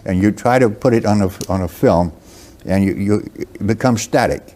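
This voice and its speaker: A guest writer in his seventies, speaking with a Southern American accent, answers interview questions slowly and haltingly, with many pauses and restarts. His voice is fairly low and mellow.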